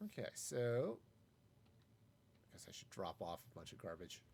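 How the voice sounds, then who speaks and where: Guy streaming minecraft, lively up-and-down voice, dry jokey rambling. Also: low voice, normal speed, vocal fry, slight background noise. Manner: wry, self-mocking, rambling. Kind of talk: casual gameplay commentary.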